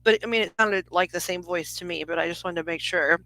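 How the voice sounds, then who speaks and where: A woman in her forties talks a caller through a live psychic reading. She rambles, restarts her sentences and fills the gaps with "like" and "um". Her voice is bright and forward, and the recording is dry and close. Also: lowish voice, fast talker, no echo, rough recording. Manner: rambling, self-interrupting, lots of fillers. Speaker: psychic reader. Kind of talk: live reading on a phone call.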